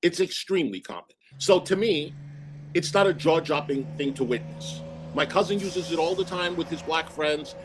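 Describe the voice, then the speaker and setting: A brash man speaks bluntly and sounds unbothered. His voice sits a little high for a man. Clear noise runs behind him throughout the clip. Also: moderate pace. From New York. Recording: clip with noisy background.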